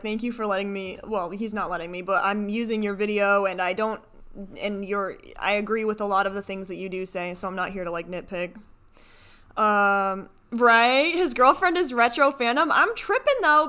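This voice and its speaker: A woman's voice: medium pitch, bright, forceful tone. A woman hosting a reaction video, talking casually and rambling, often restarting and correcting herself.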